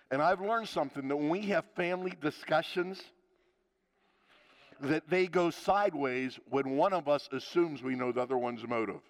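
A man's voice: medium pitch, big-room sound. A man in his sixties preaching a sermon, telling funny stories from his marriage and acting out the lines of the people in them. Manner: animated storytelling with acted quotes and laughter. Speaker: pastor.

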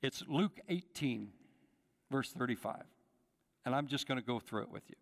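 A man's voice: mid-range voice, expressive, moderate pace. A man preaching a sermon to his congregation, calling out to them and acting out the voices in the story. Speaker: pastor. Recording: long hall reverb.

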